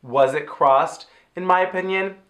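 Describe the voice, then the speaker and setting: A man co-hosting a casual review chat, agreeable, with short quick replies. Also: high voice, a bit bright. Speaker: podcast co-host. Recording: roomy echo.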